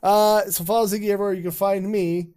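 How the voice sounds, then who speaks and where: A man's voice: high-pitched, level tone, quick pace, darkish tone, clear, resonant tone. A man hosting a casual podcast chat, rambling and joking with plenty of swearing. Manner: rambling, swearing, loose and jokey. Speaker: podcast host.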